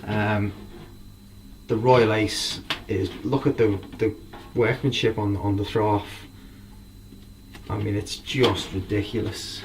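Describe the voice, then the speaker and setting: Heard from a distance over faint background noise, a man with a fairly low, steady voice talks slowly through his drum collection. He rambles enthusiastically in a casual show-and-tell.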